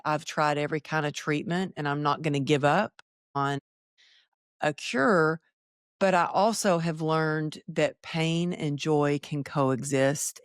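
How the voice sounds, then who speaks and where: A middle-aged woman, a podcast guest, telling a personal story and acting out the dialogue with lively shifts. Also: sits low, smooth, dry recording, studio quality. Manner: animated, acts out quoted dialogue.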